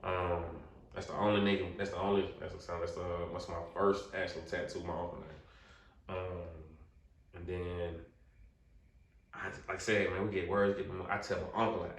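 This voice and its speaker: Low, gravelly young man in a roomy room. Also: normal speed. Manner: slangy, loose and animated, leans on "you know what I'm saying". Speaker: podcast guest. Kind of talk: casual storytelling. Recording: roomy, distant-mic podcast recording.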